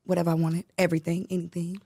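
A woman in her thirties from Chicago, a podcast guest with a deep, raspy voice, chatting in a confident, playful way. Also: flat delivery, rapid-fire, mellow, no room sound. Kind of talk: casual chat.

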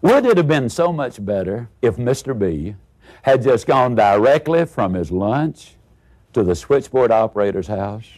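Man giving a motivational talk, super lively swoopy voice, acts out little stories. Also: mid-range voice, a little slow. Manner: animated storyteller who acts out characters; asks rhetorical questions. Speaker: motivational speaker. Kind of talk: motivational storytelling speech.

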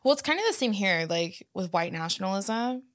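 A woman co-hosting a podcast in casual chat, adding dry, deadpan quips and prompting her friend to keep telling the story. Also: mid-range voice, fairly quick. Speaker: podcast co-host.

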